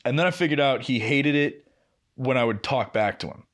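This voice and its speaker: A man's voice: medium pitch, brisk. A young man co-hosting a podcast, telling a work story in casual chat, swearing a lot and acting out what people said. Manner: profane, animated storyteller who acts out quotes. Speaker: podcast co-host.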